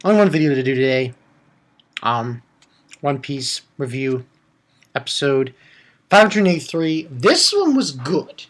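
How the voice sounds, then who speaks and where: A man reviewing an anime episode in a rambling, excitable way, stumbling over names and jumping up into high squeals. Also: unhurried, pauses often.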